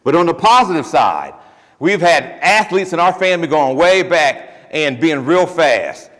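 A man's voice: fairly high pitch, sing-song, unhurried, a bit bright. A man preaching a sermon as pastor, talking in an emphatic, conversational way with plain everyday phrases. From Ohio. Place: church sanctuary. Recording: long church reverb.

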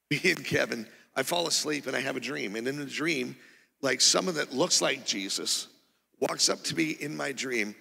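A man preaching a testimony in a church auditorium, his voice gravelly and edged with a bright, forceful tone. He rambles excitedly through the story, circling back and restarting as he goes, while a long hall reverb trails behind each phrase. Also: medium pitch, moderate pace. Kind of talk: testimony sermon.

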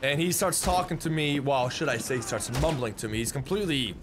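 A man's voice: mid-range voice, expressive, a little fast, noisy background. A young man telling a story in a casual, rambling way, often repeating words and swearing bluntly. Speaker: vlogger.

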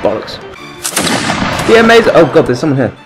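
Animated young man, gameplay commentary. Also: fairly high pitch, a little fast, over music. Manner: animated, swearing, laughing, shouting orders. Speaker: gaming video host.

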